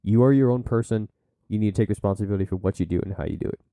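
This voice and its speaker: A man's voice: on the low side, steady tone, racing, warm tone, no echo. A man hosting a solo podcast, reading from sources and breaking off into blunt asides and silly put-on voices. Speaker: podcast host.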